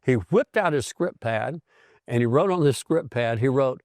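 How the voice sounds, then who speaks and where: An older physician hosts and recounts his own health story in a lively, chatty way, slipping into the voices of the people he quotes. His voice is mid-pitched and he speaks at a normal speed. The recording is close and dry, with almost no room sound and no echo.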